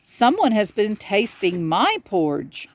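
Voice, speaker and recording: A woman's voice: medium pitch, wildly swooping pitch, slow, exaggerated voice. A woman voicing the middle-sized mama bear from a storybook in an indignant tone.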